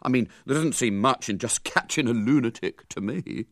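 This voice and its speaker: A man's voice: medium pitch, lively intonation, normal speed, a bit bright, dry recording, studio quality. A man voicing a boastful schoolboy who chatters on with his mouth full.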